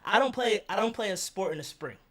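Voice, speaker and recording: Young guy w a kinda high voice, telling a story, slangy and swears a lot, acts out what people said. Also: fast. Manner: animated, slangy and profane, acts out quoted people. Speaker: vlogger.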